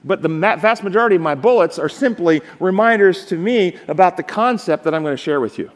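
Male seminar instructor, fairly high voice, emphatic, talks to a large reverberant room. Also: animated, brisk. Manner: emphatic, asks the audience rhetorical questions. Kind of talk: live seminar lecture on public speaking.

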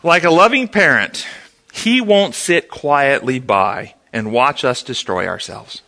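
A man teaches an interactive Bible study in an animated way, posing questions to the class and then answering them himself. His voice is mid-range and slow, with vocal fry.

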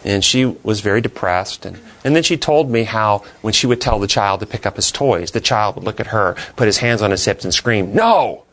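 A man's voice: fairly low pitch, fairly quick, few pauses, a bit bright. A man teaching a classroom Bible lesson, asking the class questions and then answering them himself.

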